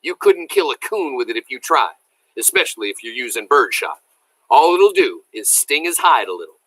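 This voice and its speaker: A man voicing a calm, practical backwoods farmer and father in a read-aloud story. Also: medium pitch, normal speed, no echo, poor audio. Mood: matter-of-fact.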